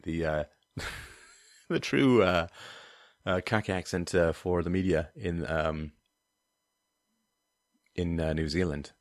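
A man hosting a livestream, reading viewer comments and ranting sardonically, swinging between low mutters and loud outbursts. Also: slow, long pauses. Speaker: host of a call-in and live-chat show.

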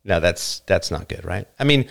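A livestream host in his fifties answers listener comments on his live show, lecturing one listener emphatically and argumentatively with the odd chuckle. His voice is deep and expressive with vocal fry, at normal speed.

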